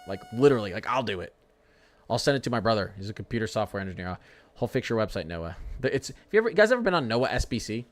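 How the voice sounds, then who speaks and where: A man's voice: on the low side, expressive, fast, slight background noise. A young man hosts a casual live weather stream from his desk mic. He rambles, answers his chat, and slides into heated rants. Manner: rambling, ranting, talks to chat. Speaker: weather livestream host.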